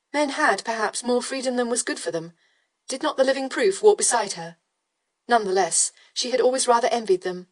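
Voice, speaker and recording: Woman narrator, audiobook, steady measured read, mid pitch. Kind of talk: scripted narration.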